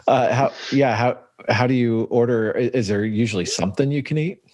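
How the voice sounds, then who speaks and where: A man's voice: mid-range voice, moderate pace, a little mellow, no echo. A man hosting a podcast, asking easygoing follow-up questions and laughing often. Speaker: podcast host. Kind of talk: casual interview chat.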